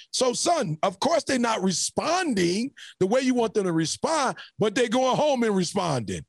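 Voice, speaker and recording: High-voiced gravelly motivational speaker man. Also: very animated, moderate pace, few pauses, dry recording, studio quality. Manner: preacher-like, builds to shouts, laughs often. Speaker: guest. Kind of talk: animated motivational storytelling.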